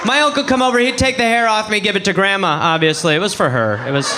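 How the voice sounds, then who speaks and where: A young man from England doing a stand-up set on a club stage, animated storytelling with sudden high bursts and low asides. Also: fast talker, few pauses, a crowd in the background, noisy background. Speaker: stand-up comedian. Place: comedy club stage with audience.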